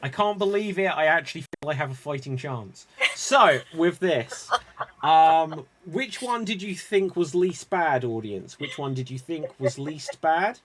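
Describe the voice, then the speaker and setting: A man's voice: a little high, expressive, measured pace, fairly bright tone. A man hosting an online improv game show, playful and self-mocking.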